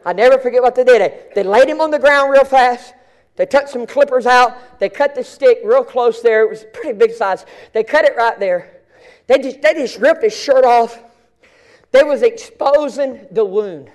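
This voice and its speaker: High-voiced man telling a sermon story. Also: moderate pace. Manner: animated, colloquial, repeats and restarts words. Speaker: pastor.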